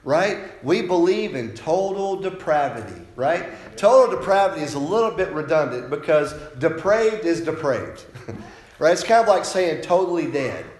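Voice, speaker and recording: A man's voice: on the high side, lively intonation, moderate pace, a little mellow. A man preaching a sermon as a pastor, emphatic and insistent, often ending points with a rhetorical "right?". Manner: preaching with frequent rhetorical "right?" tag questions. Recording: roomy echo.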